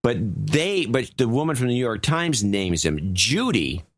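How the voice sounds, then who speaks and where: A man co-hosting a podcast, giving casual political commentary and retelling news clips in an animated way. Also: mid-range voice, normal speed, no echo. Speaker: podcast co-host.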